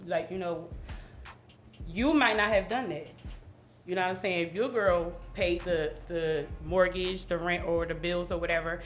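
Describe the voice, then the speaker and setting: A woman's voice: fairly low pitch, roomy sound. A woman guest on a podcast, talking candidly in casual chat with frequent restarts. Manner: candid, talks in bursts with restarts. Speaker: guest, business owner.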